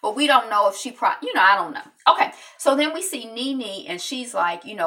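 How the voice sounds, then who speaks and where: Chatty female recap host, bright and sharp tone, talking a little off-mic, rambling with fillers. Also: on the high side, expressive, a little fast, hardly any pauses, recorded from a distance. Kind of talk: casual chat recapping an episode.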